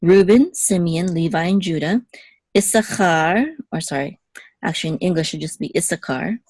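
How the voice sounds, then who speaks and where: A woman with a slightly low voice gives a patient lesson, recorded close up in a dry space. She explains step by step and repeats key words slowly so learners can copy them. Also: a little mellow, no room sound. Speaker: Hebrew teacher. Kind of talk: teaching lesson.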